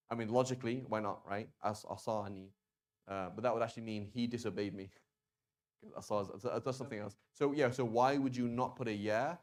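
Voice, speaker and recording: A man teaching a language class in a relaxed, chatty way, often stopping to sound out words slowly and restarting sentences. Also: medium pitch. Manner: casual, conversational, with many fillers and restarts. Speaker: Arabic teacher. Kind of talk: classroom lesson.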